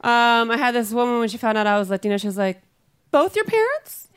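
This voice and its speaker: A woman's voice: fairly high pitch, steady tone, racing. Brash woman comic on a noisy live stage. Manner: brash, profane, punchy delivery. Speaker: stand-up comedian. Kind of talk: stand-up comedy set. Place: comedy stage before a live audience. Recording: live room with loud crowd noise.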